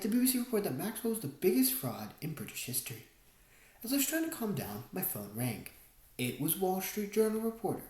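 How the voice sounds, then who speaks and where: Woman audiobook narrator, first-person memoir, low dark voice, echoey room. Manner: expressive storytelling, wide swings in tone.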